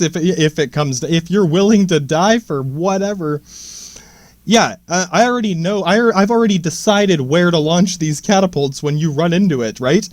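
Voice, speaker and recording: A man with a high voice talks his way through a loose, profane monologue for his podcast, stumbling over false starts and slang. The sound is dry and close, with no room around it. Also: moderate pace, dry recording. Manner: profane, stammering restarts, slangy. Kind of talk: casual rambling monologue.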